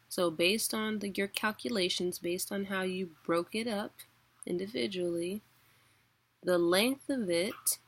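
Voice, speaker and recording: A woman teaching a casual online lesson, explaining patiently with filler words and occasional chuckles. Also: medium pitch. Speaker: poetry teacher.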